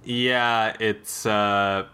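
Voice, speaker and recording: A man co-hosting a podcast in casual chat, playful and quick to laugh, fond of correcting small details. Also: lowish voice, level tone, sharp tone, clear, resonant tone. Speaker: podcast co-host.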